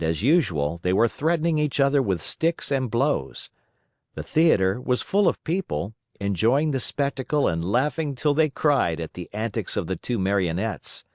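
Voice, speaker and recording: A man narrating a classic children's story for English learners, reading in an expressive, lively way. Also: mid-range voice, no room sound, clean studio sound.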